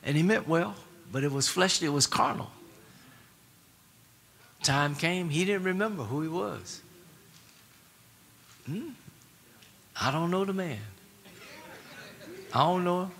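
Man, preacher, sermon, fairly high pitch, bright tense tone, repeats words, call-and-response. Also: lively intonation, a little slow, gravelly, long pauses, slight background noise. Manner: repetitive, call-and-response prompts to the congregation; casual colloquial phrasing.

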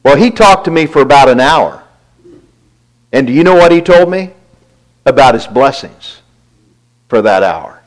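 A man giving a devotional talk, earnestly retelling a friend's words and quietly counting his blessings. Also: medium pitch, animated, measured pace, long pauses, low-quality recording. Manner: reflective, quiet listing of blessings.

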